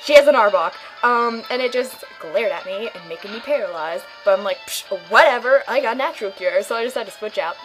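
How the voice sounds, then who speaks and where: A woman's voice: medium pitch, brisk, few pauses, soft background music, poor audio. A young woman casually commenting on her own game playthrough, rambling and joking as she goes. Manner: rambling, jokey, puts on silly voices. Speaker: gamer doing a let's play.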